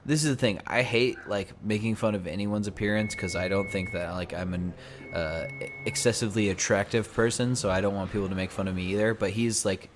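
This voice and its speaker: A young man hosting a podcast, chatting casually, animated and swearing, often mocking people. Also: fairly low pitch, brisk, noisy background. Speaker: podcast host. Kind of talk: casual chat.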